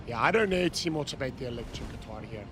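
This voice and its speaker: A man streaming a game live, loudly toasting and thanking his chat with shouted cheers. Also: medium pitch, lively intonation, fast, background noise. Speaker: gaming streamer.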